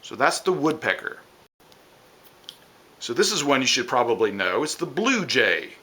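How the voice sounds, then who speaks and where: A man's voice: mid-range voice, very animated, moderate pace, background noise. A man teaching children a science lesson, explaining step by step and imitating bird calls.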